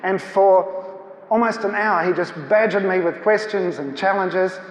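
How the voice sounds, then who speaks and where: A man's voice: sits high, measured pace. A man giving an anecdotal talk as guest speaker at a church seminar, acting out the dialogue as he tells it. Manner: storytelling, acts out dialogue. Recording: echoey hall.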